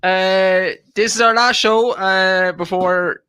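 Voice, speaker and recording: A man's voice: sits high, steady tone, slow, sharp tone, clean tone, dry recording. A young Irish man hosting a casual podcast chat, teasing and swearing easily, with plenty of "uh" fillers. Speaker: podcast host.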